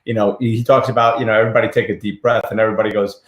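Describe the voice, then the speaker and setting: A man's voice: lowish voice, flat delivery, rapid-fire. Chatty male host in an echoey room. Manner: chatty, enthusiastic, hedging asides. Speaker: podcast host. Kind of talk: casual conversational chat. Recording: roomy echo.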